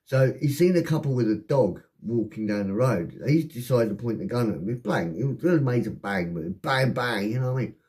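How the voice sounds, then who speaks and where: A man spins a wild personal story, swearing constantly as he rambles along. His voice sits at a middling pitch but leaps up and down with lively swings. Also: a little fast, hardly any pauses. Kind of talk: casual anecdote telling.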